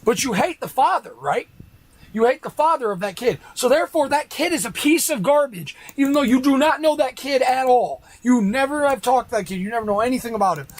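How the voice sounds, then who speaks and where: A man's voice: very high-pitched, lively intonation, fairly quick, poor audio. A man ranting on a casual livestream, arguing with rhetorical questions and repeating his points.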